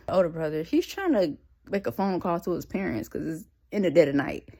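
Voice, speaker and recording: Young woman reviewer, lively pitch that swings up and down, sarcastic and slangy asides throughout a casual recap. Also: a little fast. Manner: sarcastic, incredulous asides to the viewer; slangy, conversational.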